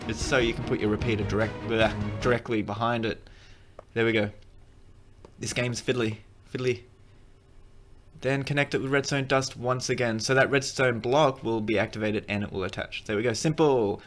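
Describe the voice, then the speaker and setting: A man's voice: medium pitch, normal speed, fairly bright tone, faint music behind. A man giving a casual, rambling game tutorial, cracking jokes and correcting himself as he plays. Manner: rambling, joking, self-correcting. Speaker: gaming video creator.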